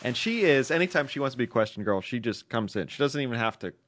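Male co-host, bright edgy tone, lively pitch, quick wry asides. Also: slight background noise. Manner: wry, quick quips and laughter. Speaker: podcast co-host. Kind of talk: casual podcast chat.

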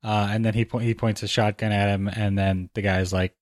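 A man recapping a movie in casual chat, animated and quick with joking asides. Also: fairly low pitch, no room sound, clean studio sound.

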